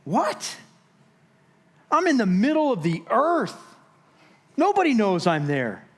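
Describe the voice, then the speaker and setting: A man giving a sermon as guest speaker, telling a personal story with dramatic pauses, moving between loud and hushed moments. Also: very high-pitched, huge pitch swings, breathy edge. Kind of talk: sermon testimony. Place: church stage.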